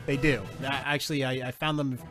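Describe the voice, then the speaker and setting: Profane Jersey-accented podcast co-host. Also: male voice, medium pitch, level tone, fairly quick, soft background music. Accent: New Jersey. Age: 40s. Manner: loud, profane, rambling with restarts. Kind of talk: crude casual banter.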